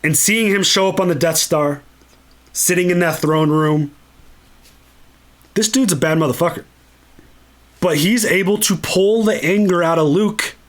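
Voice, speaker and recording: A man's voice: high-pitched, measured pace, pauses often. A man hosting a casual movie commentary, enthusiastic and freely swearing. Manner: enthusiastic and profane. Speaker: channel host.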